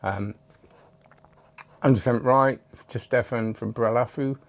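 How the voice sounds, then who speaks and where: A man's voice: mid-range voice, fairly even intonation, slow. A man hosting a magic channel, chatting casually and rambling as he reads out viewer comments, with self-deprecating asides. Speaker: magic video host.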